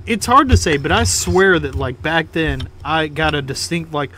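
High-pitched man rambling casually. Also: normal speed, pushed and bright, a little hiss or hum. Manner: rambling, full of "like" and swearing. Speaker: podcast co-host. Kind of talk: casual beer-drinking chat.

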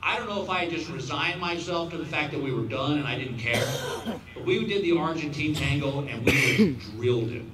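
A man in his fifties doing stand-up, telling a long story in a folksy way and quietly acting out the other people's lines. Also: fairly high pitch, lively intonation, a little fast. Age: 50s. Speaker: stand-up comedian. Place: outdoor stadium stage. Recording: roomy, distant audience recording with crowd noise.

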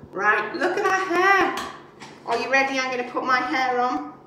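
A woman leading a craft demonstration for young children, chatty and playful as she asks them questions. She sits well back from the mic in a very echoey space, and her voice is slightly high. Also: lively intonation, moderate pace, sharp tone, slight background noise. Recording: very echoey and distant.

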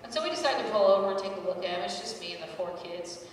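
A woman's voice: mid-range voice, very fast, distant mic, slight background noise. Wry woman comic in an echoey hall. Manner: wry, self-deprecating storytelling with loud acted asides. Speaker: stand-up comedian. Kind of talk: stand-up comedy set. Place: live comedy stage. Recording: echoey hall, mic heard from afar.

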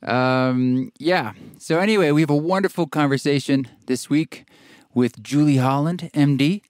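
A man from Oregon hosting a podcast, talking in a relaxed, rambling way with fillers, a bit out of breath. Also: on the high side, normal speed, no room sound, studio quality. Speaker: podcast host. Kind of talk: casual podcast intro and interview. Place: tiny house studio.

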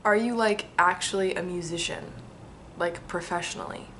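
A woman's voice: fairly low pitch, normal speed, noisy background. Chatty young woman reading her old letter. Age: 20s. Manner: chatty, excitable, reflective, frequent laughs. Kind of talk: casual vlog, reading aloud and answering.

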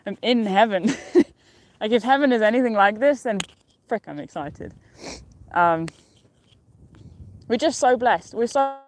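Broadcasting casually from the summit of a mountain, this young outdoor vlogger rambles happily and laughs a lot. She speaks in a slightly high, expressive voice at an unhurried pace, pausing often, over a bit of background noise.

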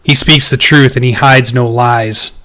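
Casual game table: guy doing a big loud dragon, deep and slow, mid-height voice underneath. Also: steady tone. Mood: solemn. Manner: slow, weighty pronouncements.

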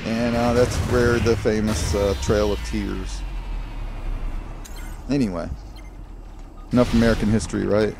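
A man's voice: lowish voice, fairly even intonation, a little slow, creaky, long pauses, music in the background. A man giving rambling gameplay commentary, grumbling and drifting off topic while talking to his viewers. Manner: digressive, grumbling, talks to viewers. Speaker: gaming video creator.

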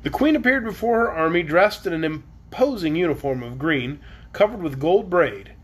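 A man's voice: a little high, animated, normal speed, husky. A man reading a children's chapter book aloud on a live stream, with casual, chatty asides between chapters.

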